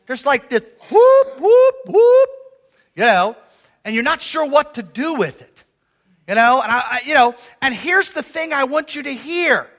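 An older man preaching a sermon as pastor, conversational and lively, calling out questions to the congregation in a church. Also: very high-pitched, normal speed. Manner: lively, conversational preaching with audience call-outs.

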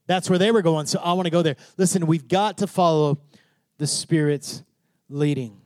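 High-voiced man preaching a sermon. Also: fairly even intonation, moderate pace, darkish tone, no echo. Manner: preaching with rising fervor, questions to the congregation. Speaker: pastor.

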